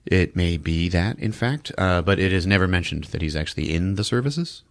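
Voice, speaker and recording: This podcast host speaks in a low-pitched voice and moves fairly quickly through a casual film recap. His storytelling is animated and profane, full of laughter, and the studio sound is clean and dry.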